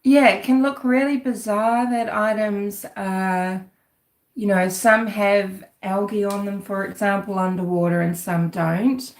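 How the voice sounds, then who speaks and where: A woman's voice: medium pitch, fairly even intonation, measured pace. A woman comments casually on a livestream, rambling and dry with sarcasm. Her voice sits in a middle register. The room around her gives a noticeable echo. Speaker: true-crime commentator. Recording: roomy echo.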